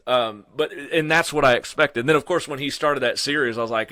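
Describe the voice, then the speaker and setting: A middle-aged man, a podcast guest telling his story in a casual, animated way, full of "you know" and "man". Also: medium pitch, fairly quick, few pauses, no room sound.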